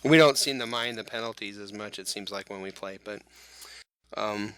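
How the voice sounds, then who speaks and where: A man's voice: fairly low pitch, normal speed, fairly bright tone. A man hosting a casual sports podcast, leading the chat with jokey asides. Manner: leads the talk, jokey asides. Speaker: podcast host.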